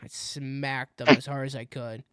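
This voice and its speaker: This young Wisconsin podcast co-host relates a hunting story with animation, performing his own reactions in a casual chat. His mid-range voice is level, a little slow, and a bit bright, with a clear, resonant tone. The studio-quality recording is dry.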